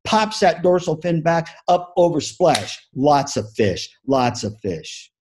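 A man giving a motivational keynote talk on music teaching, an animated storyteller who acts out the story. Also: on the high side, slow, a little hiss or hum. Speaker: music education speaker.

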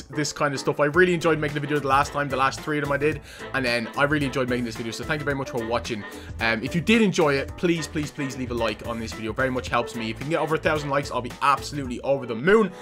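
A young man giving loud, boastful live commentary over his own gameplay, often laughing and shouting. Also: a little high. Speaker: gaming youtuber.

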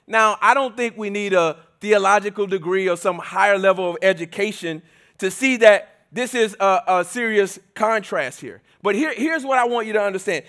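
High-voiced male preacher. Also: normal speed. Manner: conversational and emphatic, often shifting between loud and soft. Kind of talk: sermon. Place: church service.

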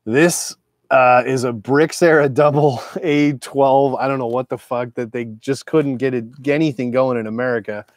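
A man's voice: mid-range voice, steady tone, normal speed, no echo, clean studio sound. A man in his forties who collects records, talking through his collection in a loose, digressive monologue full of swearing. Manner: profane, digressive, loose with filler words. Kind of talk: casual rambling monologue.

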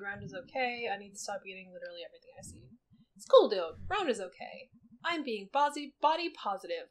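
A woman's voice: fairly high pitch, lightly acted, poor audio. A woman reading the lines of a moody, sarcastic young female cat from a video game, muttering self-deprecating doubts. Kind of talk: reading game dialogue aloud.

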